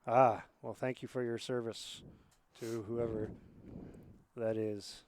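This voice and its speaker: A man commentating on a school rugby match from a small booth beside the pitch. He talks in a loose, rambling way full of asides, then jumps up in energy when a play breaks open. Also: slow pace, background noise. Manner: chatty, rambling asides, excited bursts on plays. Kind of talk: amateur sports commentary.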